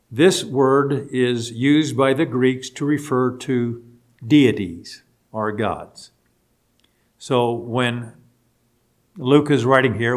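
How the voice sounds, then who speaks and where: Guy teaching bible study real slow, spells out greek words, punches key phrases then trails off. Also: medium pitch.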